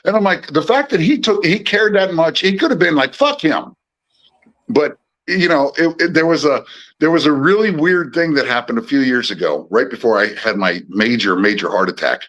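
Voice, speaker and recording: This middle-aged man, once a personal assistant to musicians, is a guest on a podcast, spinning long, casual stories full of restarts and acted-out quotes. His voice runs on the high side, expressive and brisk, a little bright, and the recording is rough.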